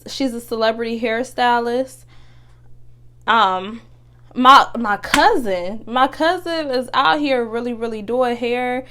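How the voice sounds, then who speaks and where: A young woman talks casually and earnestly, full of fillers and restarts. Her voice sits a little high. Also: takes it slowly, pushed and bright, smooth. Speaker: podcast host. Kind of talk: casual motivational talk.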